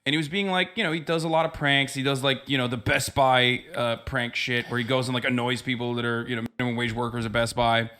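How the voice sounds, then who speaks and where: A man's voice: mid-range voice, level tone, quick pace, hardly any pauses, pushed and bright, clear, resonant tone. A man talking on a casual podcast, rambling with restarts and fillers. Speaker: podcast co-host.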